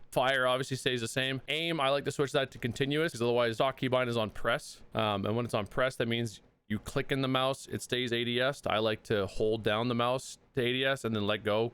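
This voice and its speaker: A man's voice: mid-range voice, fairly bright tone, clear, resonant tone. A man giving a casual gaming tutorial, slightly out of breath, chatty and laid-back, with occasional mild swearing. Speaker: gaming video creator.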